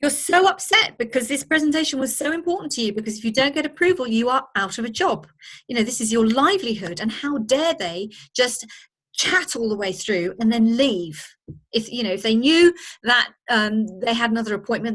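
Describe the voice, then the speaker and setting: Conversational woman teaching, slightly high voice. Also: lively intonation, fairly quick, fairly bright tone. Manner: conversational, acts out quoted reactions. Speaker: presenter of a training course. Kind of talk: spoken lesson on emotional intelligence.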